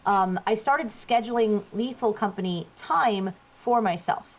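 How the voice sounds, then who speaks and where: A woman's voice: mid-range voice, a little slow. A woman from New Jersey, a voice actor guest chatting casually while gaming and shifting where her voice sits as she talks. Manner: chatty, shifts voice placement to demonstrate. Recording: dull lo-fi sound.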